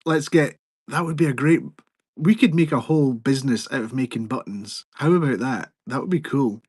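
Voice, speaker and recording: A man's voice: mid-range voice, normal speed, a little mellow, slightly rough, no echo, clean studio sound. Rambling jokey man hosting a live stream. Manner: rambling, jokey, self-interrupting. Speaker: livestream seller host. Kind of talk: casual live-stream chat.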